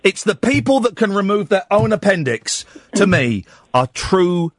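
A man's voice: high voice, big pitch swings, unhurried, dry recording, clean studio sound. A man hosting a late-night radio phone-in, playful and rambling as he jokes with a caller. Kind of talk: late-night call-in chat. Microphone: studio microphone.

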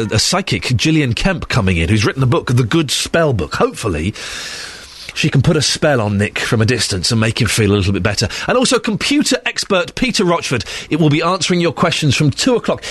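Lively, husky, congested radio man. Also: a little high, no echo. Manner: chatty, joking, self-deprecating. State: congested, bunged up. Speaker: stand-in radio presenter. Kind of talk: casual radio links. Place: radio studio. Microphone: studio microphone.

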